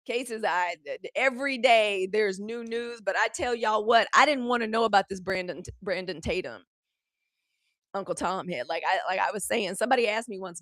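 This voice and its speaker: A woman's voice: on the low side, expressive, fairly quick, fairly bright tone, no room sound, clean studio sound. A middle-aged woman from Southern Mississippi hosting a live news show, talking candidly and profanely straight to her audience. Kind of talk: casual live commentary.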